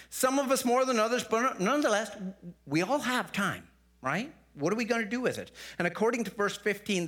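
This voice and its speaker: A man preaching a sermon in an earnest, conversational manner, often restarting his sentences. His voice sits slightly higher than most men's. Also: fairly bright tone. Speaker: pastor.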